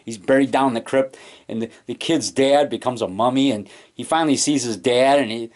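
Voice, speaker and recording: A man rambling excitedly in a casual home vlog, full of restarts and trailing thoughts, recorded on a camcorder in his basement. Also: medium pitch, fairly quick. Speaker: low-budget monster moviemaker. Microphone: camcorder mic.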